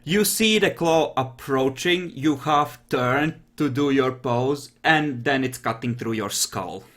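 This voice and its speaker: A man narrating a tabletop game as game master, laid-back and foul-mouthed. His voice sits in an ordinary middle pitch, and he describes the action in a loose, offhand way. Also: slow, fairly bright tone. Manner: casual, swears freely, offhand narration.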